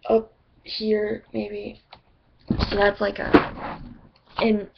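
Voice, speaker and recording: A woman's voice: mid-range voice, completely flat delivery, very slow, vocal fry. A woman casually telling a story to camera in a rambling, chatty way, swearing freely. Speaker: vlogger. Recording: dull lo-fi webcam audio with faint noise.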